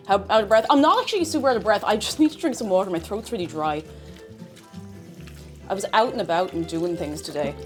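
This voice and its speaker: A woman's voice: lowish voice, very animated, quick pace, over music. A young Irish woman chatting casually on her livestream, bubbly and chatty as she greets viewers and reads their messages. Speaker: streamer.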